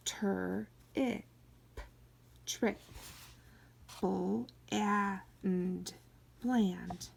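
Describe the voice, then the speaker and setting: A woman teaching phonics to young children, sounding out each word slowly and coaxing them to follow along. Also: medium pitch, steady tone, vocal fry, breathy edge. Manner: slow, drawn-out sounding-out of words; coaxing, encouraging teacher talk. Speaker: kindergarten teacher.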